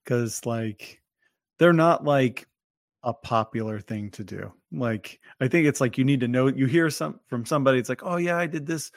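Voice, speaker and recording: A man's voice: medium pitch, moderate pace, creaky, no room sound. Hesitant male podcast host, dry sound. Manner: rambling, hesitant questions. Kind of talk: casual interview questions.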